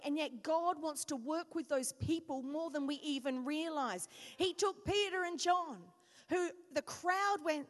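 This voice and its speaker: A woman from Australia preaching in a high voice, telling stories with lively, self-mocking humor. Her words ring out with a long reverb from a church hall. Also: unhurried. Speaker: pastor. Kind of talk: sermon.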